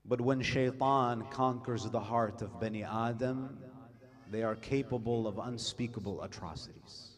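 A man preaching an emotional sermon, telling a story slowly and dramatically, growing impassioned and chanting Arabic quotations in a sung style. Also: medium pitch, fairly even intonation. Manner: switches between English and classical Arabic recitation. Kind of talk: emotional religious sermon narration.

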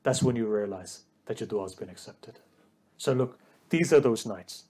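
A man's voice: lowish voice, moderate pace, darkish tone, breathy edge. A man delivering an emotional religious sermon, addressing the congregation directly and building to a raised, pleading delivery. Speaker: preacher.

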